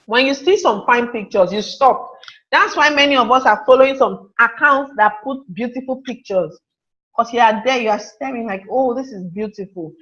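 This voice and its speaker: A woman's voice: fairly high pitch, moderate pace, fairly bright tone, dull audio. A woman teaching a live online class, chatty, reading out and answering viewer comments. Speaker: webinar teacher.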